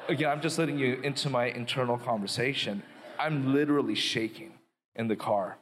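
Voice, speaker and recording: Male guest minister, mid-pitched, animated storyteller who ends in prayer. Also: brisk, background noise. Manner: animated, quotes his inner dialogue. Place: live podcast before an audience.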